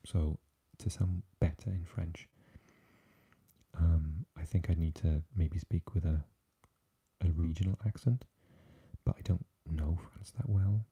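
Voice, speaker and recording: A Welsh man hosting a whispered ASMR live chat, talking softly and haltingly with lots of fillers as he answers viewers. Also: low voice, fairly even intonation, husky. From Wales. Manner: soft and halting, with many fillers, chatting with viewers. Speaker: ASMR livestream host.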